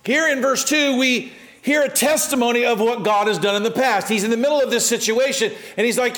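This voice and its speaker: A man preaching a sermon as pastor, animated, with dramatic swings in loudness and emphasis. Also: very high-pitched, normal speed.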